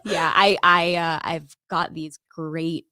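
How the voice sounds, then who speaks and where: A woman's voice: low voice, steady tone, slow, pushed and bright, no echo. A woman talking candidly as a podcast guest, earnest and chatty, often adding "like" and "right?". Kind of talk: candid conversational interview. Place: podcast studio.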